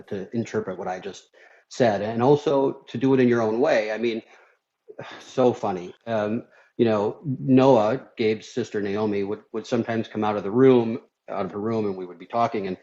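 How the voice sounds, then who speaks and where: This lowish, warm voice belongs to a middle-aged man from Minnesota, a surgeon appearing as a podcast guest. His candid talk wanders, packed with "you know" fillers and laughter during his stories, captured on slightly dull lo-fi audio.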